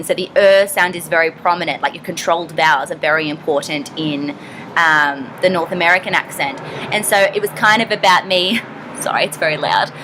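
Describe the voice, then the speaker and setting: A woman's voice: on the low side, bright, forceful tone, a little hiss or hum. A young Australian woman with an Australian accent, casually answering fan questions in a rambling, chatty way with lots of ums. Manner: chatty, rambling, frequent ums and self-deprecating asides. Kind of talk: casual Q&A vlog.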